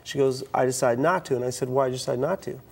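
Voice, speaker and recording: A man's voice: mid-range voice, quick pace, vocal fry, husky. A middle-aged man from the US East Coast, telling stories in a talk-show interview and acting out the dialogue. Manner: animated, acts out quoted dialogue, frequent restarts. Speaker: youth speaker.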